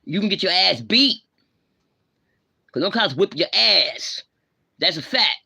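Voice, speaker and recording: A woman's voice: lowish voice, animated, measured pace, creaky, sharp tone, breathy edge, no room sound. A woman hosting a livestream, ranting and scolding in blunt, slang-heavy talk with a lecturing tone. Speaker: livestream host. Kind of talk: ranting live commentary.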